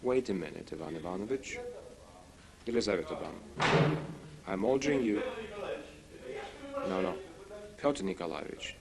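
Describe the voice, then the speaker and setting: Man dubbing a stage play, lively. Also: lowish voice, moderate pace, creaky, long pauses, a loud crowd. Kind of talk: single-voice dubbed theater dialogue.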